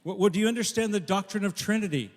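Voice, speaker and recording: A man's voice: sits high, moderate pace, pitched above the performer's own voice. A pastor voicing a flustered, fussy male angel who stammers as he questions a newcomer at heaven's gate. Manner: stammering, fussy, rising panic. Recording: long echo of a large hall.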